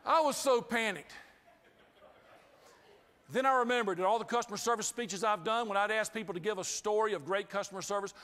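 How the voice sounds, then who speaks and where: A man with a high, bright-sounding voice tells a funny story from a stage, acting out each exchange with energy. His words ring out with a long reverb that fills the hall. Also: a little fast. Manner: animated, humorous storytelling with acted-out dialogue. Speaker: inspirational speaker. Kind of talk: storytelling keynote speech.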